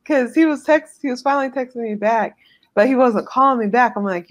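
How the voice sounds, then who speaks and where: A young woman co-hosting a casual podcast chat, telling stories in an animated way and swearing freely. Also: on the high side, fairly quick. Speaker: podcast co-host.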